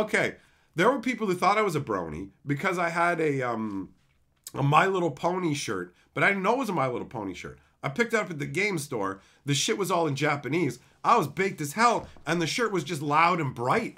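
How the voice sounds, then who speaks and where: On a live stream, a man cracks open card packs and reads out messages from viewers, his banter profane, excitable and rambling. His voice is slightly high.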